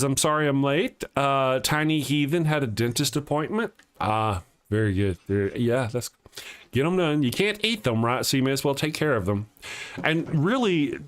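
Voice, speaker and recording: A man hosting a casual live morning show, reading viewer comments aloud and joking, often chuckling as he talks. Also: mid-range voice.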